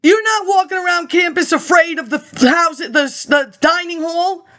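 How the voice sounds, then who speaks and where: A woman's voice: extremely high pitch, normal speed, a bit bright. A woman rambling through a monologue, reading old papers aloud and jumping between topics with sarcastic asides.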